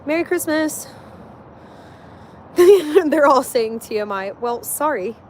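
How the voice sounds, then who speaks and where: A woman's voice: high voice, animated, slow, a little hiss or hum. Chatty young woman livestreaming a dog walk. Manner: chatty, talks baby talk to her dog. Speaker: livestream host. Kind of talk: casual livestream chat while walking a dog. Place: outdoors, walking around a residential complex.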